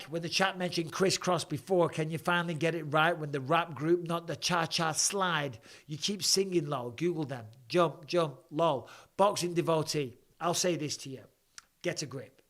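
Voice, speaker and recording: A man in his forties chats casually on a live stream, his voice sitting a touch higher than most men's. He is blunt and swears freely, teasing viewers with mock irritation as he reads their comments. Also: fairly bright tone. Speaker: host of a live show.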